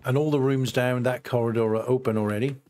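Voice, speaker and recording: An older man with a mid-range voice talks through his gameplay in a relaxed, rambling way. He thinks aloud, breaks off mid-sentence, and keeps turning to his viewers. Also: medium pitch, fast. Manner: chatty, thinks aloud with fillers and asides to viewers. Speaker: gameplay host. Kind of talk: casual let's-play commentary.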